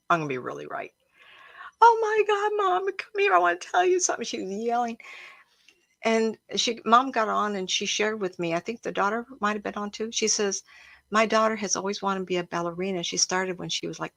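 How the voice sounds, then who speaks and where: A woman psychic medium hosting a livestream, telling stories in an emotional, animated way and often breaking into laughter. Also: medium pitch, vocal fry. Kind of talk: casual livestream storytelling.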